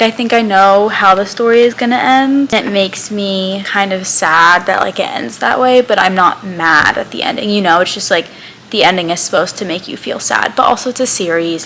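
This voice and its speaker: A woman's voice: medium pitch, slight background noise, rough recording. Chatty young woman vlogging about books. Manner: chatty and excitable, lots of "like". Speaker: book vlogger. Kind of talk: casual reading vlog chat.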